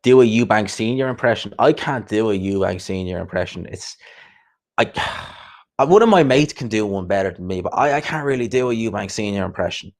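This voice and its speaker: A man hosting a casual livestream chat, chatty and quick to laugh, often repeating himself and swearing. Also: lowish voice, expressive. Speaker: host.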